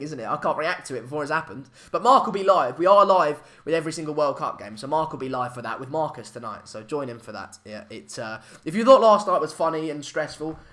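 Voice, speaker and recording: Young man, live stream host, casual chatty, stumbles and restarts, slightly high voice. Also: a bit bright. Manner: chatty, hesitant with many fillers and restarts. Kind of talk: casual live match chat, reading comments.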